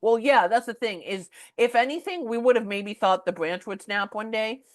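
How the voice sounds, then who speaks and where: A woman hosting a podcast, telling a story in a casual, animated way with lots of filler words. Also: a little high, normal speed. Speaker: podcast host.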